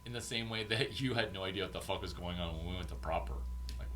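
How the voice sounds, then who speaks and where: Sharp-toned profane coaching man. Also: low voice, quick pace, slight background noise. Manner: profane, animated, acts out quoted banter. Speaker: entrepreneurship mentor. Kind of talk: informal coaching talk.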